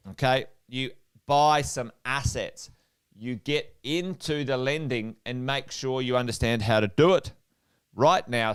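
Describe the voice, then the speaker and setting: A man's voice: medium pitch, clean tone. A middle-aged Australian man, an investment coach, talking energetically to a livestream audience, repeating points and quizzing viewers. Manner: energetic, repeats himself, asks viewers questions. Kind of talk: whiteboard livestream talk.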